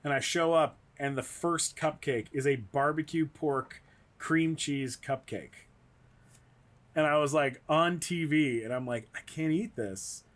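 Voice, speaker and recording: Male comedian guest, slightly high voice, rambling and animated storyteller, casual chat. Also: measured pace. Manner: rambling, animated, acts out quotes in raised voices.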